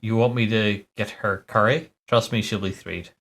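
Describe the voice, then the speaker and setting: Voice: mid-range voice, steady tone, normal speed, fairly bright tone. A man reading aloud as a chatty best friend who talks in a playful, gossipy way.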